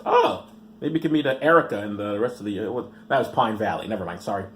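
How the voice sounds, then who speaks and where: A man's voice: on the low side, animated, fast talker, slight background noise. A man hosting a podcast who reads news stories aloud, then breaks off into sarcastic, rambling commentary and trips over his words. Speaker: podcast host.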